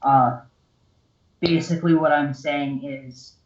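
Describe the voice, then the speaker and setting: A man's voice: on the high side, steady tone, slow pace. A man playing a tabletop game, describing his moves casually with fillers. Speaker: player. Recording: echoey room, dull lo-fi sound.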